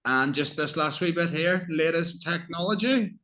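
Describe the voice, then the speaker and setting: Male teacher, patient and encouraging, bright clear voice. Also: a little high, normal speed. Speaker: English teacher. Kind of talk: classroom vocabulary review.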